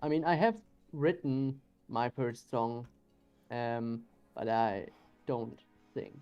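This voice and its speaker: A man, a guest on a casual chat, who talks in a hesitant, halting way and laughs a lot. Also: medium pitch, steady tone, lo-fi sound, faint music behind.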